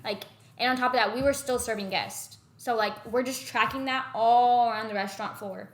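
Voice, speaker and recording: A woman's voice: on the high side, fairly even intonation, a little fast. A young woman guesting on a podcast, retelling a work story casually with many "like" fillers. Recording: echoey room.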